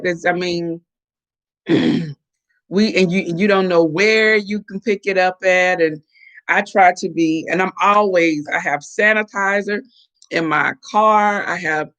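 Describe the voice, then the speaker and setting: A middle-aged woman hosting a casual live chat, animated and chatty as she reacts to viewer comments. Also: on the low side, slow. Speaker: host.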